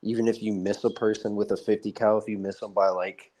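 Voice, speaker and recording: A young man with a somewhat low voice, rambling through a casual podcast chat. He swears freely, laughs often and piles on fillers. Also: level tone, a little fast, dark tone. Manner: loose, profane, laughs often, lots of filler. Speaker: podcast co-host.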